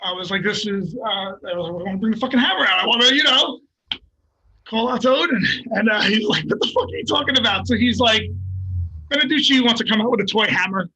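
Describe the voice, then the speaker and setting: An older man tells a story with animated, profane energy. His voice sits high and bright, with a husky edge to it. He talks in loose, chatty bursts. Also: quick pace, rough recording. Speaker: guest fighter. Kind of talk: casual storytelling.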